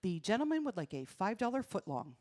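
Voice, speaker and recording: A woman's voice: medium pitch, big pitch swings, fairly quick, mellow, dry recording. A woman from New doing stand-up comedy on a comedy club stage, punchy and self-deprecating, talking straight to the crowd. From New Jersey.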